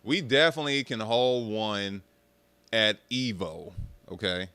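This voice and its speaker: A young man rants to his viewers with a bright, crisp voice, cursing and mocking as he goes. His delivery is animated and loose. The sound is close and dry. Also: fairly low pitch, unhurried, no room sound. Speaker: streamer talking about arcade rhythm games. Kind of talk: casual rant to viewers.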